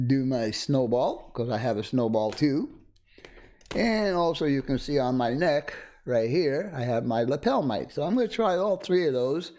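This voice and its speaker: A man's voice: mid-range voice, darkish tone. A middle-aged man casually chatting on a home livestream, greeting viewers by name with frequent chuckles, close to a desk microphone. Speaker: livestream host. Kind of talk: casual live-stream chat. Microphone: desk condenser microphone.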